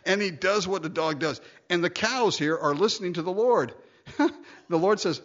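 A man preaching a Bible-teaching sermon, chatty and animated, often laughing and acting out quoted lines. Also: high-pitched, normal speed, highs cut off. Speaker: pastor.

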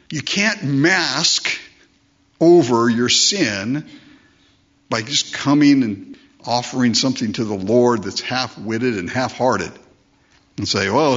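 With lively, animated pitch, a male pastor delivers his sermon conversationally, asking rhetorical questions and performing the voices he quotes. The recording is dull and lo-fi.

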